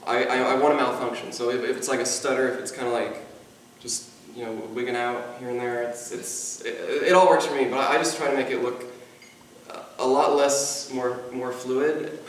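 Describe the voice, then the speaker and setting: A man's voice: medium pitch, steady tone, moderate pace, slight background noise. A man on a convention panel, talking casually with a mild natural stutter and frequent repeated words. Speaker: convention panelist, mime performer. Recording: echoey hall, far from the mic.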